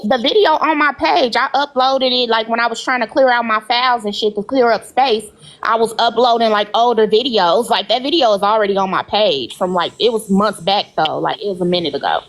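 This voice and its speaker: A woman's voice: fairly high pitch, a little fast. A woman guest on a livestream in casual chat, rambling and indignant.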